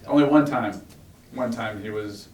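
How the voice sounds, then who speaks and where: A middle-aged man, a former tech executive, telling stories in an animated way and laughing as he recounts them in a Q&A. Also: on the low side, unhurried. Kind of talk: relaxed storytelling in a Q&A. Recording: roomy and from far off with faint noise.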